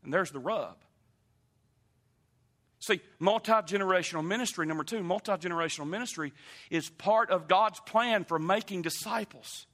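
A man preaching a sermon, emphatic and animated, speaking straight to the congregation. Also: sits high, moderate pace. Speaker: pastor.

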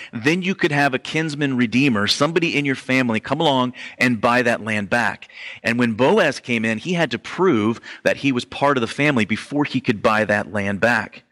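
Bright-toned man, mid pitch, casual preacher, conversational sermon, frequent fillers. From Western Europe ancestry only; none. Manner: conversational, filler-heavy, says "like" often. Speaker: pastor.

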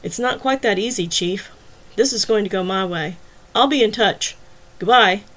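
Brief: smug, taunting male villain, voiced by a woman narrator, unhurried mockery. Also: mid-range voice, a bit bright, natural voice.

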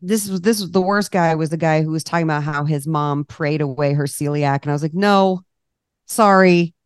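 A woman with a low voice chats as a podcast guest, spinning lively stories and breaking into laughs. The sound is close and dry, with no room around her. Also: quick pace, clean tone, dry recording. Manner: lively storyteller, laughs often, acts out dialogue. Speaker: podcast guest, cookbook author. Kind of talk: casual interview chat.

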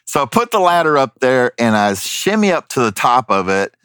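A man's voice: mid-range voice, normal speed, clear, resonant tone, dry recording. A man telling a story in casual chat, acting out the voices of the people in it. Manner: animated, acts out voices in his anecdotes.

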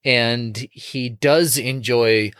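Slow, laid-back male podcast host. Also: mid-range voice, clean tone, no room sound, clean studio sound. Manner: relaxed, laughs often, trails off and restarts. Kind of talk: casual chat.

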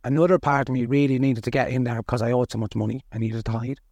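A man's voice: medium pitch, steady tone, fast, darkish tone, no echo. Earnest Irish man recounting hard times. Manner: earnest, blunt, colloquial. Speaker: podcast guest. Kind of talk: candid personal storytelling.

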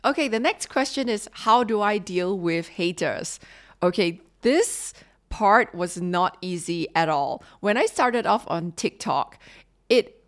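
A woman's voice: mid-range voice, animated, slow pace. A woman hosting a podcast, giving earnest, conversational advice and asking herself questions as she goes. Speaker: podcast host. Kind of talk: casual advice talk.

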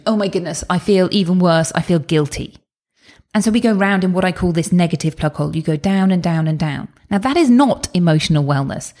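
A woman's voice: mid-range voice, darkish tone. A woman in her thirties or forties, a wellness coach speaking straight to the listener about emotional eating, acting out inner thoughts in little quoted asides.

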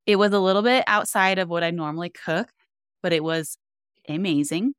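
Young woman cohost, low smooth voice, upbeat and chatty, dry close sound. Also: moderate pace, dry recording. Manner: enthusiastic, upbeat storytelling. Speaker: podcast co-host. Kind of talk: casual chat.

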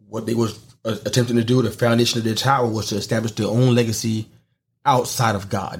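A middle-aged man with a somewhat low voice preaches in a relaxed, conversational way. He speaks to his listeners directly and asks them rhetorical questions. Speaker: podcast host and preacher. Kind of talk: podcast sermon.

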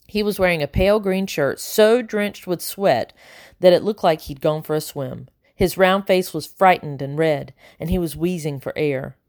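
A woman narrating a children's novel aloud, lively and voicing the characters. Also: low-pitched, no echo, clean studio sound. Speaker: audiobook narrator. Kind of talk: scripted narration.

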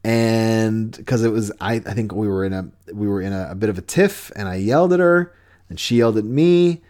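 This man's voice sits on the low side and has a darkish quality, moving at a normal pace. As a podcast host, he gives earnest, chatty relationship advice and keeps restarting himself.

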